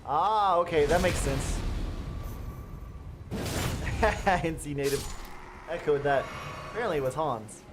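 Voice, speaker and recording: A man giving chatty live gameplay commentary as a streamer, talking straight to his viewers and breaking into excited outbursts. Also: a little high, slow pace, long pauses, music in the background. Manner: chatty, addresses viewers directly. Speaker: gaming streamer.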